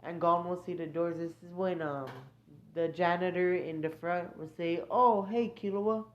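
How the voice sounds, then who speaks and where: A woman's voice: on the low side, flat delivery, moderate pace. A woman improvising a fan-fiction story, rambling and hesitant, correcting herself often. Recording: dull lo-fi recording.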